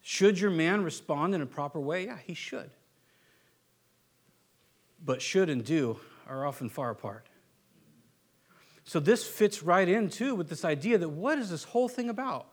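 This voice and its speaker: A man with a high voice preaches in an easy, conversational way. He circles back on his phrases, stumbles through restarts, and drops into quick mock voices to land his points. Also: lively intonation. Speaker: pastor. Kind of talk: sermon.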